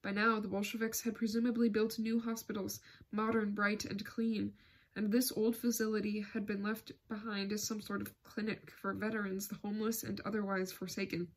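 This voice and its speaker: A woman narrating an audiobook in a measured, steady way. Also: medium pitch. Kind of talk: scripted narration.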